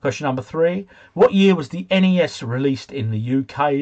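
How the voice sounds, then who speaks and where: A man's voice: fairly high pitch, animated, moderate pace, darkish tone, highs cut off. A man hosting a casual quiz livestream from home, chatting, chuckling and answering comments from his viewers.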